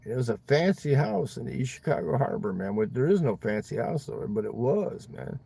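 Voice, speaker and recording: Very animated and brisk, this livestream host talks with viewers from inside his car, rambling, cursing and tacking "man" onto his lines. His medium-pitched voice has vocal fry, a dark tone and a breathy edge.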